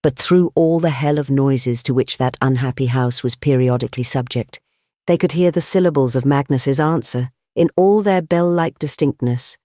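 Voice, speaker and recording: A man narrates an audiobook in a measured, even reading of scripted text. His mid-range voice is recorded dry, with clean studio sound.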